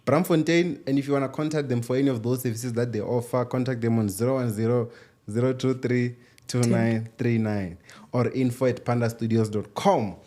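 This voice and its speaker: A man's voice: mid-range voice, fairly even intonation, brisk, mellow. Man hosting a podcast. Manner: playful, switches between English and Tshivenda. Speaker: podcast host. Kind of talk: casual chat. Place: podcast studio.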